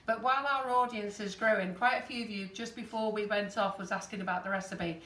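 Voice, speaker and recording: A woman's voice: mid-range voice, steady tone, brisk, fairly bright tone. A woman in her fifties hosting a live baking stream, chatting with viewers. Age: 50s. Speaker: host. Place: busy studio kitchen. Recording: echoey kitchen, distant mic, faint noise.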